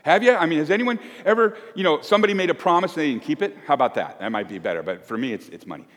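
A man's voice: on the high side, animated, very fast, a bit bright, long reverb tail. A man in his fifties preaching as a pastor, folksy and emphatic, asking one question after another. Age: 50s. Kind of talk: sermon. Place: church.

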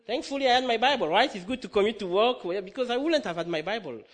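A middle-aged man preaching a sermon, telling a personal story with lively acted-out dialogue and frequent laughter. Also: high voice, fast. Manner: animated storytelling, acts out dialogue, laughs often.

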